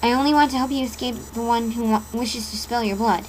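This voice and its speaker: A woman voicing a calm teenage boy who speaks softly and reassuringly. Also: fairly high pitch, fast talker, a little hiss or hum, close to an everyday voice, rough recording. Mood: soothing.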